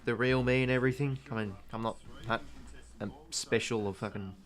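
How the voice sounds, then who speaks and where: This Australian guy in his twenties runs a relaxed watch-along livestream, rambling casually, reading out comments from viewers and dropping "mate" often. His medium-pitched voice is a little bright, fairly quick, with fairly even intonation.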